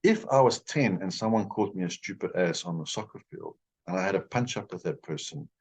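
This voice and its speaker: Male guest, low voice, lively teaching delivery, acts out scenes. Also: brisk, husky. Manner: animated, acts out dialogue. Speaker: guest speaker. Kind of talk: teaching conversation.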